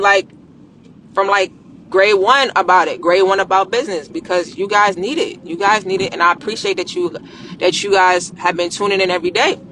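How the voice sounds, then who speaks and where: A woman talking casually on a live stream, coaching viewers on business and credit in a blunt, animated, slangy way and swearing freely. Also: medium pitch, a little hiss or hum.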